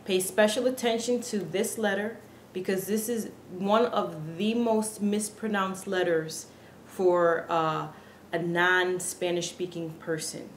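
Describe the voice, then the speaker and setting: A woman giving a casual pronunciation lesson, speaking earnestly and slowly repeating each sound to demonstrate it. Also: lowish voice, fairly even intonation. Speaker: Spanish pronunciation teacher. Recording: echoey room with faint background hiss.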